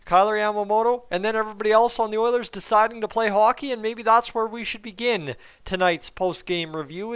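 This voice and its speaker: A middle-aged man hosting a hockey post-game review, talking in excitable, sarcastic, animated rants. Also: sits high, smooth. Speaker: hockey vlogger.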